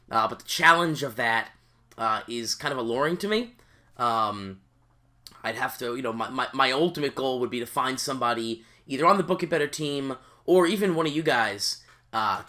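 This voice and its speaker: Man, gaming channel host, bright voice, rambling casual talk, many ums and uhs, at home. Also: mid-range voice. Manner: rambling, many fillers and restarts. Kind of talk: casual let's-play talk to viewers. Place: home, sitting on a creaky seat.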